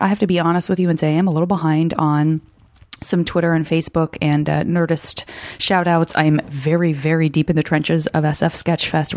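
Low-voiced chatty podcast host woman. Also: no room sound, clean studio sound. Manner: chatty, rambling with fillers. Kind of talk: casual podcast intro.

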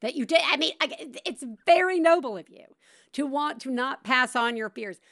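A middle-aged woman hosting a podcast, telling a story in a casual, animated way and laughing often. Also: high-pitched, normal speed. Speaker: podcast host.

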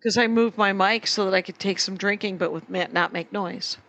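A woman's voice: medium pitch, brisk, fairly bright tone. A woman co-hosting a comedy podcast, chatting casually and rambling with lots of fillers and restarts. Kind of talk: casual chat.

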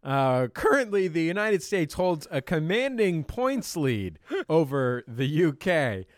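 Guy hosting a comedy quiz, animated voice, dry close sound, laughs a lot. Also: a little high, slow, no echo. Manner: lively, amused, chuckles through lines. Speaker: game show host.

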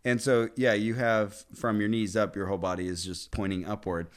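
A man's voice: lowish voice, little pitch movement, brisk, smooth. A man co-hosting a podcast, chatting casually and telling a rambling, self-deprecating story with little chuckles. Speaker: podcast co-host. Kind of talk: casual chat.

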